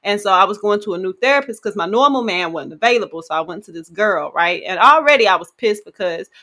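A woman co-hosting a casual podcast, telling stories in an animated, slangy way and talking to her listeners. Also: medium pitch, fast. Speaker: podcast co-host. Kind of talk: casual chat, storytelling.

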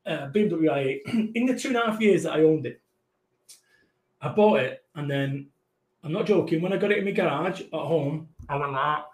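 A middle-aged man, a business coach and podcast guest, telling stories in a profane, emphatic, animated way. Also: on the high side, brisk, reverberant, rough recording. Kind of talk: podcast conversation.

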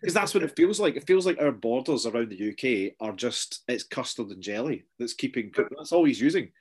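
A man's voice: mid-range voice, expressive, brisk, darkish tone, breathy edge. A British man co-hosting a casual political chat, rambling and jokey. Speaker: podcast co-host.

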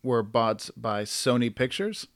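A man of middle pitch hosts a relaxed podcast conversation. He chuckles often and trips over hard names as he talks. The sound is dry and close. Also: measured pace, no room sound. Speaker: podcast host. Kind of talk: casual podcast chat.

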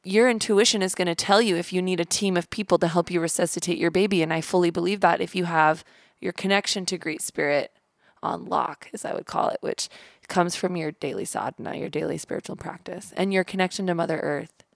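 Woman guest telling a story on a podcast, acts out all the voices, lowish voice, dry close mic. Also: a little fast, creaky, no echo. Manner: animated storyteller acting out quoted voices, spiritual vocabulary. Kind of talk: casual storytelling interview.

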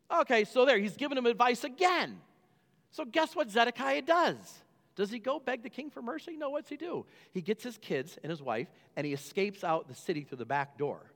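A high-pitched male pastor tells a story from the pulpit, throwing rhetorical questions out to his congregation. His voice carries a long reverb from a large church hall. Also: sing-song, moderate pace, fairly bright tone. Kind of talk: sermon.

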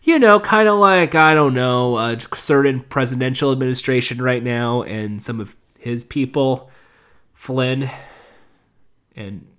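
A man's voice: medium pitch, a little slow, fairly bright tone, clean tone. A man casually recapping a TV episode, rambling with sarcastic asides. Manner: rambling, with many fillers and restarts. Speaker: show reviewer.

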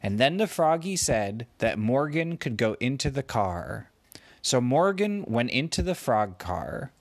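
Man telling an improvised bedtime story, unhurried, lively lilt, dry close mic. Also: medium pitch, dry recording. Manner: meandering, gently playful.

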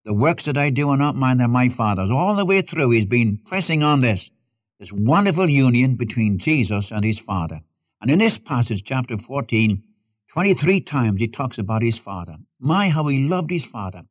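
A man delivers a sermon at a middle pitch. He is emphatic and repeats his key phrases. He reads scripture in old-fashioned wording and calls on listeners to follow along in their Bibles. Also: very animated, moderate pace. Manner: addresses listeners directly, asking them to follow in their Bibles. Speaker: preacher.

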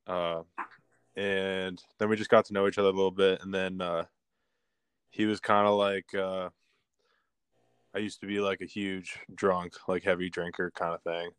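A young man co-hosts a podcast and chats casually. His voice is very low and smooth, with little rise and fall. The sound is close and dry. He tells his stories in a laid-back way, full of "like" and "uh". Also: flat delivery, moderate pace, long pauses, dry recording. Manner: laid-back, storytelling with many fillers. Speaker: podcast co-host. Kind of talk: casual chat.

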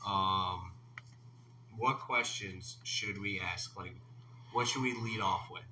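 Very bright-voiced excitable man. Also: sits low, slow, a little hiss or hum. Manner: excitable, laughs often, swears. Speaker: podcast co-host. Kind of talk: casual chat.

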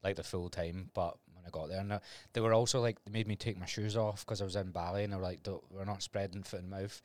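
A young Glaswegian man, a podcast guest, telling animated stories with plenty of swearing and laughter. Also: low-pitched, fast, dry recording. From Scotland. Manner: animated storyteller, swears freely, laughs often. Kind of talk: casual chat.

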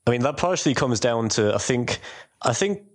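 A man's voice: mid-range voice, expressive, fairly quick. A man chats about a film with friends in a loose, rambling way. He leans on "like" and "you know" constantly, with a mid-range voice. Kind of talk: casual film discussion.

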